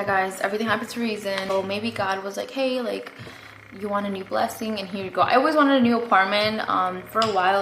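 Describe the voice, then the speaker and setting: A woman's voice: mid-range voice, fairly bright tone, slight background noise. A young woman vlogger telling a story-time update in a casual, rambling way, full of fillers and "like", from her apartment. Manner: chatty, rambling, lots of fillers and "like". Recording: echoey room, faint ambience.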